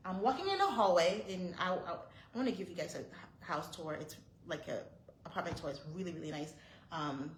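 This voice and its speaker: A woman's voice: on the low side, echoey room, a little hiss or hum, rough recording. A woman in her thirties, a mother vlogging to her viewers, retelling a frightening moment in a tense, breathless way with lots of repeated phrases. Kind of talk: storytelling to camera.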